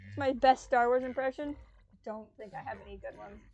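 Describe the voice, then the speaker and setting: A woman's voice: fairly high pitch, brisk, darkish tone, dull audio. A young woman streaming a game, chatting casually, giggling and reading the on-screen text aloud.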